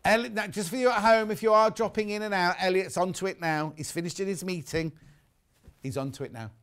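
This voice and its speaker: A man's voice: high voice, brisk, a bit bright, clean tone. A middle-aged man presenting fabrics on a live shopping show, chatty and teasing. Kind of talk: live sales presentation with chat.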